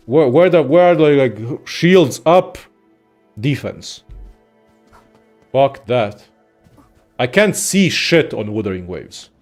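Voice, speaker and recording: A young male content creator with a mid-range voice delivers a casual gaming rant, excitable, profane, and rambling.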